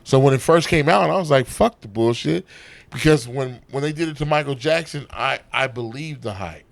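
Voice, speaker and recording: A man, an actor and comedian, telling profane, animated stories in a casual interview backstage at a comedy club. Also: mid-range voice, fairly quick, gravelly, no room sound. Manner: profane, animated storytelling with acted-out quotes.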